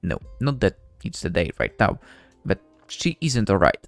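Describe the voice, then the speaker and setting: A man's voice: sits low, moderate pace, gravelly, no room sound, soft background music. A man reading a visual novel aloud as the male lead, narrating wryly with joking asides. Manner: wry, lively narration with asides. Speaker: game let's-play narrator.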